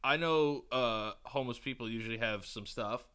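With a clean, mid-range voice at a moderate pace, a podcast co-host from New York spins a story in relaxed chat. He curses freely and throws himself into loud impressions of whoever he's quoting.

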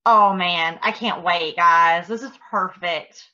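A woman in her thirties co-hosting a casual chat, excitable and gushing, and she swears when surprised. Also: fairly low pitch, slow pace, highs cut off. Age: 30s. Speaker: podcast co-host.

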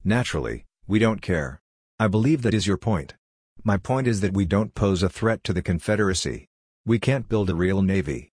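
A man voicing a calm, coldly logical android envoy who speaks in a level, matter-of-fact way. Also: sits low, normal speed, husky, no echo, studio quality. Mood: cool.

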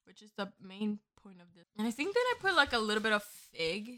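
A woman's voice: medium pitch, sing-song, brisk, pushed and bright. A woman co-hosting a casual podcast, playful and laughing as she rambles through anecdotes. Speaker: podcast co-host.

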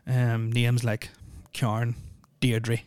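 Guy rambling on his podcast, lots of ums, flat tone, dry room. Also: medium pitch, takes it slowly, clear, resonant tone, no room sound. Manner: rambling, filler-heavy, joking. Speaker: podcast host. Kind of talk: casual solo podcast chat.

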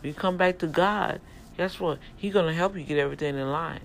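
Man vlogger, gravelly voice, preachy and emphatic, addressing viewers, slight background hiss. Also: on the high side, fairly quick. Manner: emphatic, sermon-like exhortation; talks directly to viewers, folksy. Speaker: vlogger and self-publisher. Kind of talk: casual preachy rant to camera.

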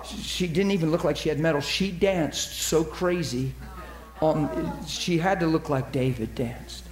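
A man telling ministry stories in a sermon, acting out the people he quotes and dropping to a soft near-whisper at tender moments. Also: fairly high pitch, unhurried, echoey room, crowd noise. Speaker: preacher. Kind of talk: storytelling sermon.

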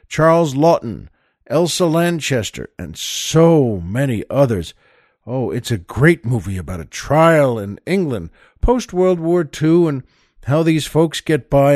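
A man's voice: medium pitch, a little mellow, no echo, clean studio sound. An older man hosting his own show, talking to listeners in a chatty, enthusiastic, rambling way with many asides. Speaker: show host. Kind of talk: casual monologue to listeners.

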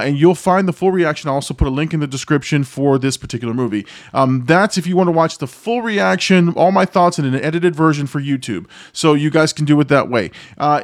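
A man hosting a movie reaction channel, giving a casual spoken review. He thinks aloud, searches for words, circles back on himself and speaks openly about his feelings. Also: on the high side.

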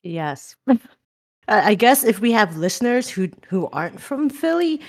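A woman co-hosting a podcast in casual chat, bantering with quick jokes and frequent swearing. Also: mid-range voice, very animated. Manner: laughing, profane, quick banter. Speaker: podcast co-host.

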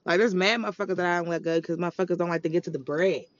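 A woman's voice: lowish voice, fairly even intonation, racing, no room sound. Woman for a profane scolding vlog rant, emphatic and repetitive, muffled lo-fi recording. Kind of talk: ranting monologue vlog. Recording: dull lo-fi recording.

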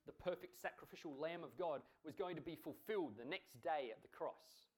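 Earnest man preaching a sermon. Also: a little high. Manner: earnest, emphatic preaching with rhetorical questions.

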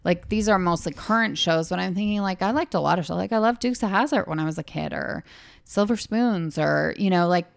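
Middle-aged woman, low gravelly voice, dry close sound, rambling podcast chat. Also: fairly quick, no room sound. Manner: chatty, rambling, laughs often. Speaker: podcast co-host. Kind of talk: casual chat. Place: podcast room.

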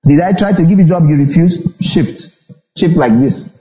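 In a reverberant church hall, a Nigerian pastor with a slightly high voice preaches briskly. His delivery is animated, full of repeated phrases and small acted-out conversations, and the recording echoes.

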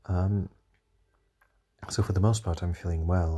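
A man's voice: sits low, steady tone, measured pace, dark tone, slightly rough. A young adult man with an accent that mixes British, American and Portuguese sounds, musing aloud in a solo podcast from home, sighing and restarting as he goes. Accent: mix of British, American and Portuguese. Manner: musing and rambling, with sighs and restarts. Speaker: podcast host.

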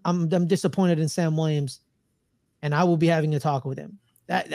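A high-pitched man with a darkish tone co-hosts a sports podcast, heard in a dry, clean studio recording. In this casual sports chat he rants in a loose, slangy way and repeats himself.

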